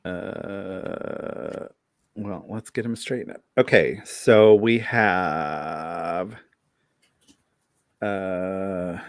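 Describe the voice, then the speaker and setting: A man's voice: deep voice, steady tone, extremely slow, no room sound, studio quality. A man hosting a live online sale, chatting casually about vintage items in a tired morning voice.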